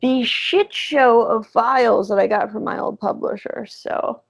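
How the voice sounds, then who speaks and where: A woman's voice: fairly high pitch, measured pace, vocal fry, low-quality recording. A woman, a writer and podcast guest, talking bluntly in casual chat and swearing freely.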